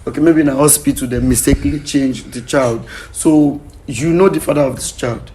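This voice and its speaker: A man playing a talk-show host who questions a couple firmly and tries to calm them down. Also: medium pitch, moderate pace, a little hiss or hum, lightly acted, rough recording. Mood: probing. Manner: firm, questioning, calming. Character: talk-show host mediating a family dispute. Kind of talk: dramatized talk-show confrontation.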